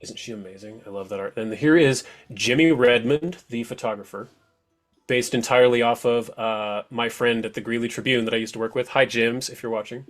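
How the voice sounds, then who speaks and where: A man's voice: medium pitch, fairly even intonation, a little fast, soft background music. A man as game master of an online tabletop game, chatty and upbeat, often laughing.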